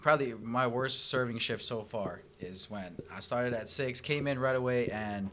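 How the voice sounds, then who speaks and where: A man guest on a casual podcast, telling profane, animated stories and acting out the people in them. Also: medium pitch, moderate pace, slight background noise. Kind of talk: casual storytelling.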